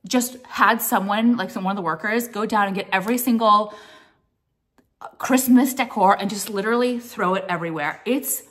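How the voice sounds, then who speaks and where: A woman's voice: medium pitch, normal speed, a bit bright. Young adult woman, vlogger, blunt and profane, opinionated rant delivery. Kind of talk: casual vlog rant.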